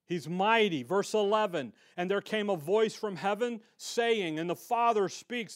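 A man with a notably high voice leads an evening Bible study. He talks in a casual, folksy way, drops slangy asides, and hits his main points with strong emphasis. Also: measured pace. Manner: emphatic when stressing key points. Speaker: Bible teacher.

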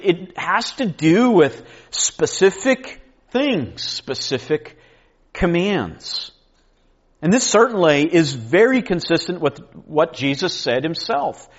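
A man's voice: a little high, lo-fi sound. A man preaching an earnest, emphatic sermon to a men's retreat, repeating key points and restarting phrases as he teaches. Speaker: pastor.

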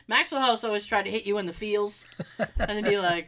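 A woman with a Boston accent co-hosting a podcast in casual chat, giggly and animated, laughing often. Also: medium pitch, fairly quick. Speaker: podcast co-host.

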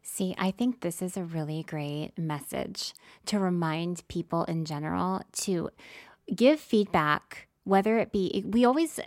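A woman's voice: on the low side, unhurried, dry recording, studio quality. A young woman co-hosting a podcast, chatty and self-deprecating, giving encouraging advice in casual conversation. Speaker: podcast co-host.

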